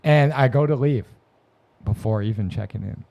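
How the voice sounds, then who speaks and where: A man's voice: medium pitch, moderate pace, gravelly, darkish tone. A man on a podcast, telling his recovery story in a rambling, profane way, with many restarts. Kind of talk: casual storytelling. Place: podcast room.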